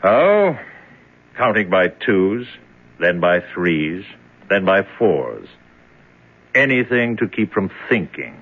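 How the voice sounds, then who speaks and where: A sinister overseer who calmly predicts a prisoner's ruin. His voice is deep, slow and unhurried, with a lilting rise and fall. It sounds tinny and thin, like a 1970s radio broadcast. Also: heavily acted. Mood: detached. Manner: quiet, detached, unhurried. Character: calm sinister male overseer Mister Z. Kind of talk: 1970s radio drama acting.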